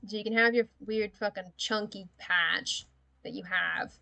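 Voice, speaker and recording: A woman's voice: medium pitch, fairly even intonation, unhurried, creaky, bright, forceful tone. A woman chatting casually on a livestream while she draws, rambling, thinking aloud and often giggling. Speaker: streamer.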